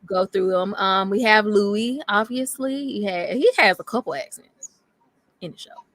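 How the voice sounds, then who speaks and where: A woman's voice: medium pitch, measured pace, no echo. Chatty woman co-hosting a fan vote. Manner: chatty, animated, lots of fillers. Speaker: co-host. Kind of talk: casual chat, running a fan vote.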